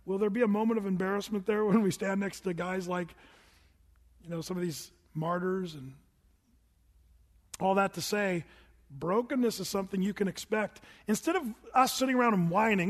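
A man's voice: high-pitched, moderate pace. A man preaching a sermon to a congregation, telling stories in a conversational way and asking them questions. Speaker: pastor. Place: church hall with congregation. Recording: long hall reverb from a church room.

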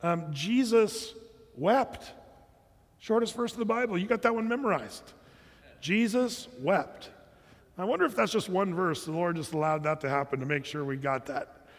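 A man's voice: high-pitched, fast, a bit bright, long reverb tail. A male pastor teaching the Bible to a group of men in an easygoing, conversational way, with frequent fillers and restarts.

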